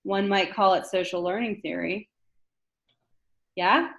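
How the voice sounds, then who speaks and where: A woman's voice: mid-range voice, a little slow, vocal fry, fairly bright tone. A woman lecturing a class in a conversational way, often checking in with the room by asking "right?". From northern United States. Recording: dull lo-fi lecture recording.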